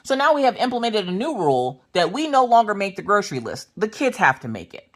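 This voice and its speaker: A woman's voice: medium pitch, quick pace. A woman hosting a craft vlog from her home craft room, telling family stories in a casual chat with lots of acted-out voices. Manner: animated, acts out family members' voices. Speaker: craft channel host.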